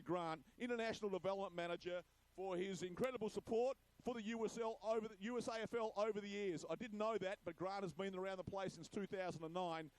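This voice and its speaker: Male emcee, high-pitched, joking and rowdy at an awards speech. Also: low-quality recording. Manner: jokey, boisterous, hushing the crowd. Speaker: master of ceremonies.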